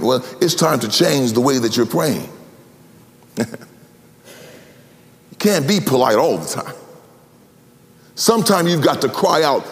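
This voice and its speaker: A man preaching a sermon in a sing-song cadence, swinging from loud cries down to low murmurs. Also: big pitch swings, unhurried, gravelly, long pauses. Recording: echoey hall.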